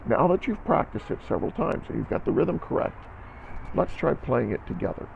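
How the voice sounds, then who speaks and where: Gravelly-voiced man teaching a band lesson. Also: fairly high pitch, sing-song, fairly quick, a little mellow, highs cut off, a little hiss or hum. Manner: encouraging, counts beats aloud. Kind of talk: recorded music lesson for students.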